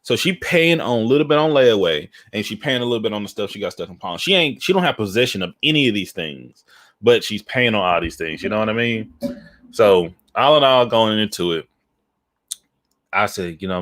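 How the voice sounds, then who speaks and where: Low-voiced man telling a story. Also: brisk, no echo. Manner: animated storyteller, acts out quoted voices, checks in with "okay?". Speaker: podcast co-host. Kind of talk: casual podcast storytelling.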